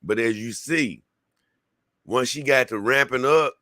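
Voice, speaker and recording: A man hosting a reaction show, commenting in a laughing, excitable, slangy way. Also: mid-range voice, measured pace, dry recording, studio quality. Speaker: reaction host.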